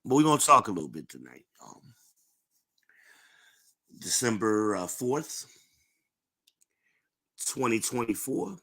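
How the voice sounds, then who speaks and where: A man hosting a live-streamed podcast, talking in a slow, emphatic, lecturing way. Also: lowish voice, very animated, vocal fry, fairly bright tone. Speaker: podcast host.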